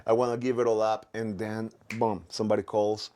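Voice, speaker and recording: This Latino man, a comedian guest, has a fairly low, warm and level voice. He first chats casually about life as a comedian, then does a stand-up routine, all delivered haltingly with frequent restarts and filler words.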